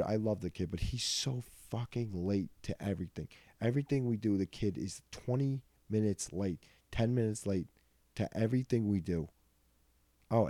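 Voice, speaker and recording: Young man, deep voice, mellow tone, dry close sound, casual profane storytelling. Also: dry recording. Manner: rambling, profane, laughs often. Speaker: podcast host.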